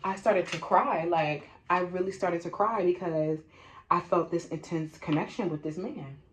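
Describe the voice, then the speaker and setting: A woman's voice: on the low side, moderate pace, slight background noise, poor audio. A young woman telling a personal storytime in a casual vlog, blunt and profane, laughing often and tagging lines with "okay?".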